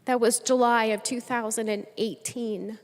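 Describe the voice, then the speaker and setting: A fairly high-voiced woman lawmaker speaks at a podium microphone, earnestly telling a personal story and voicing the people in it. Her words ring out with a long reverb from the large legislative chamber. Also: steady tone, measured pace. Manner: earnest storytelling with acted-out quotes. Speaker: state legislator.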